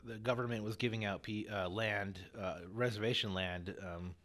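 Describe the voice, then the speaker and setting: A man talks as a podcast guest in a fairly low voice. His manner is relaxed and jokey, and he explains things with plenty of fillers. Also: normal speed. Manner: relaxed and jokey, chewing crackers at times. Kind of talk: casual interview chat.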